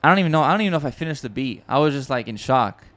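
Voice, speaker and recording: A man hosting a podcast, telling a story in a casual, excitable and rambling way with frequent swearing and restarts. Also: mid-range voice, racing. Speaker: podcast host and music producer.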